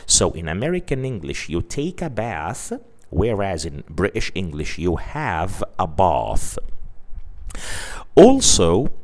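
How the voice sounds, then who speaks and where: A man teaching an English lesson, patiently explaining and repeating example phrases. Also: low voice.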